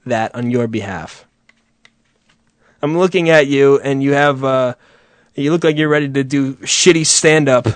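A man's voice: mid-range voice, no echo. A man hosting a crude, comedic live chat, profane and sardonic, laughing often.

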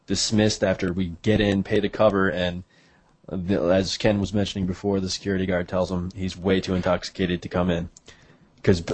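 A man in loose conversation with friends, telling a story at an easy, rambling pace. His voice sits low and has a husky, slightly rough edge. He fills pauses and drops crude jokes along the way. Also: darkish tone, no echo. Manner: laid-back, rambling, with fillers and crude jokes. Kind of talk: casual storytelling chat.

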